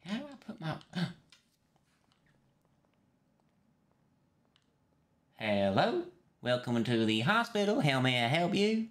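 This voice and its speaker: A man's voice: on the high side, sing-song, normal speed, roomy sound. Man putting on a flustered stammering doctor. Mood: polite. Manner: put-on accent, stammering restarts. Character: flustered young male doctor, panicky and rambling. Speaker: streamer playing a doctor in a role-play game. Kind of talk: live game role-play.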